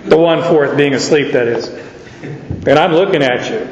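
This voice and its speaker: A man preaching an expository sermon to a congregation, speaking slowly and deliberately and joking with his listeners. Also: on the high side, noisy background. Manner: slow, deliberate, jokes with the audience. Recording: echoey hall, slightly dull.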